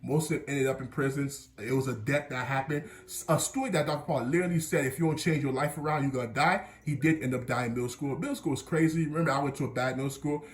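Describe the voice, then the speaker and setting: A young man telling a school story as a vlogger, animated and slangy, often breaking into laughter. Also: medium pitch, fast, hardly any pauses, slight background noise. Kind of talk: casual storytelling. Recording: echoey room.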